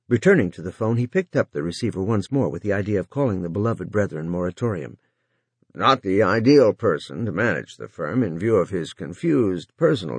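A man narrating a novel in a measured, expressive reading. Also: on the low side, breathy edge, no room sound. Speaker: audiobook narrator. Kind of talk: scripted narration.

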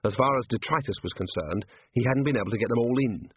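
Husky male narrator, tinny sound. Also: fairly low pitch, fairly quick, few pauses, no room sound. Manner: lively, expressive reading. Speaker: audiobook narrator. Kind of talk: scripted narration. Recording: tinny dry phone-like sound.

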